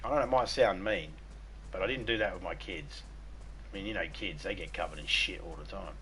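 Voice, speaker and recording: A man's voice: low-pitched, fairly quick, pushed and bright, slight background noise. A man with an Australian accent chatting casually on a live game stream, telling crude, profane jokes. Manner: crude, profane, joking banter. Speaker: gaming streamer. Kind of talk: casual livestream chat.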